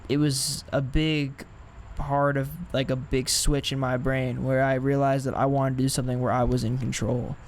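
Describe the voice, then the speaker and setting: A young male host thinks back on his own past in a frank, conversational way, chuckling at himself now and then. His voice is mid-pitched, and a faint hiss runs under the recording. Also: flat delivery, normal speed, few pauses. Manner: reflective, candid, laughs at himself. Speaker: podcast host. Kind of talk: casual chat.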